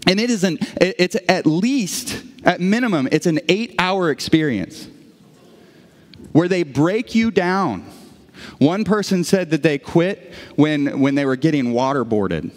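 A man's voice: fairly high pitch, unhurried, big-room sound. A man preaching a sermon as pastor in a church auditorium, telling stories with frequent restarts. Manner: animated storytelling with frequent restarts.

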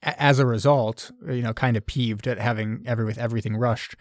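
A man chats casually on a podcast, retelling a war film scene by scene and dropping into short quoted lines along the way. His pitch sits in an ordinary middle range. The sound is dry and close. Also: steady tone, no echo. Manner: rambling retelling with quick acted quotes. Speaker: podcast co-host. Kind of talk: casual film recap chat.

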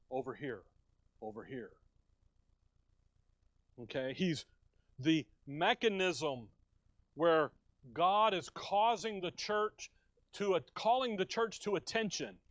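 Middle-aged guy from chicago preaching, jokey asides, kinda high voice. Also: no room sound, lo-fi sound. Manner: folksy, joking asides to the congregation. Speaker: pastor. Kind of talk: sermon. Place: church.

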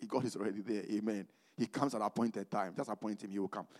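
A man from Ghana preaching a sermon as a pastor, calling for the congregation to finish his phrases and moving between loud proclamation and quiet asides. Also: fairly even intonation, fast. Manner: call-and-response preaching, asking "what?" for the congregation to finish; swings between loud emphatic proclaiming and low conversational asides.

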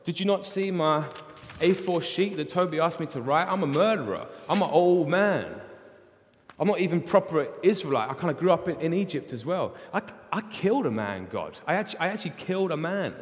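A preacher voicing an old male shepherd, talking in an excited, pleading rush, higher than his own voice, in a reverberant hall. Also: moderate pace, lightly acted. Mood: panicked. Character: old male shepherd, eager then panicked.

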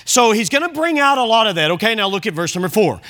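A man's voice: high voice, very animated, quick pace, sharp tone. A man preaching an evening sermon in church, reading scripture aloud and explaining it with frequent check-ins to the congregation. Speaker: pastor.

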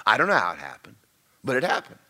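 Bright-voiced preacher. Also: male voice, mid-range voice, huge pitch swings, fast talker. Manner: conversational preaching with storytelling and repetition. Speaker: pastor. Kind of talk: sermon.

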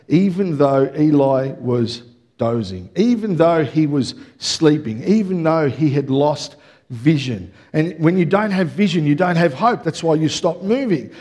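Aussie pastor guy, middle-aged, high voice, preaching casual and punchy, keeps asking yeah?. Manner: energetic, conversational preaching with audience check-ins. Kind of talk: sermon.

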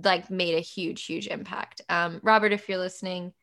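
A woman from the American South hosting a podcast, chatty and animated as she tells stories in casual conversation. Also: lowish voice, moderate pace, gravelly. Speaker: podcast host.

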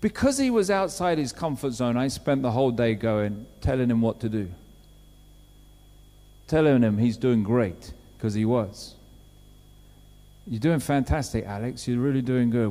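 A man preaching a sermon, telling a story with lively acted-out quotes. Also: mid-range voice. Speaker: pastor. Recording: long hall reverb.

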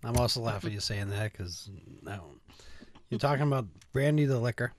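Laid back podcast cohost, mid pitch, dry close mic. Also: expressive, a little fast, dry recording. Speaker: podcast co-host. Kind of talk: casual chat.

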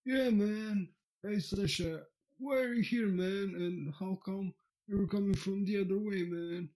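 A man's voice: high-pitched, a little slow, mellow, voice pushed up. A man voicing a laid-back robed brother who tacks "man" onto every phrase, in a tabletop game. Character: Cal, Sasha's laid-back dude brother in a robe.

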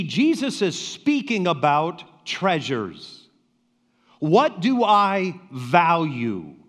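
Slow, emphatic preaching man in a reverberant hall. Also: high voice, fairly bright tone. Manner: preaching with slow emphatic pauses and rhetorical questions. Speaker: pastor. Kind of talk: sermon.

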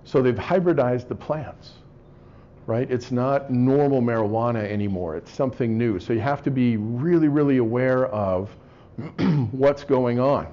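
A man giving a wry, joking lecture to a live audience, often clearing his throat. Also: medium pitch, measured pace. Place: room with an audience. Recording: slightly dull lo-fi recording.

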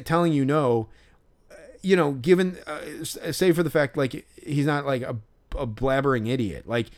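A man co-hosting a podcast, telling a story in a rambling, casual way with lots of fillers and restarts. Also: on the high side. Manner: mimics other fans in a raised voice. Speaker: podcast co-host. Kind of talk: casual chat.

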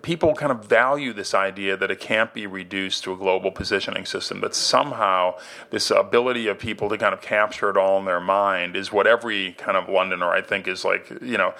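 Male design co-host, keen and thoughtful, bright gravelly tone. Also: sits low, fairly even intonation, fairly quick. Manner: enthusiastic, thoughtful, restarts often. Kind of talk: casual conversation.

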